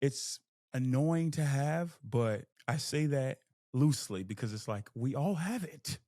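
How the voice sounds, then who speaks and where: A young man from Texas, hosting a podcast and giving an emphatic, animated motivational talk. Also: mid-range voice, unhurried, dry recording, studio quality. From Fort Worth, Texas. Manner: animated, emphatic, acts out inner voices. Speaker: podcast host. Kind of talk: motivational monologue.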